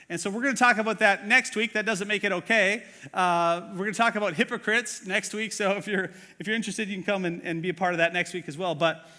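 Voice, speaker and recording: Man preaching, high voice, bright tone, chatty with lots of fillers, long church-hall reverb. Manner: conversational, many fillers, asks the audience questions. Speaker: pastor. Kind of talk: sermon. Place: church auditorium.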